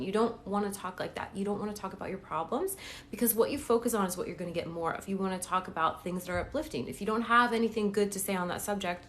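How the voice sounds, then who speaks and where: A woman's voice: mid-range voice, fast, fairly bright tone, slight background noise. A woman coaching viewers on a casual live stream, chatty and encouraging, checking in with "okay?" and "right?" as she goes. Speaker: manifestation coach.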